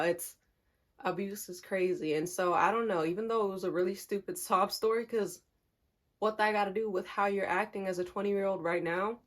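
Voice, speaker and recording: A young woman telling a candid storytime vlog, animated and talking straight to her viewers, laughing often. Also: mid-range voice, a little fast. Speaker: vlogger.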